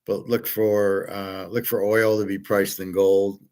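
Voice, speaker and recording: A man with a somewhat low voice delivers an unscripted rant. He is blunt and scornful, swears freely, and rambles with frequent restarts and fillers. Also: flat delivery, measured pace, darkish tone, smooth. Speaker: host. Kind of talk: unscripted rant on gold and economics.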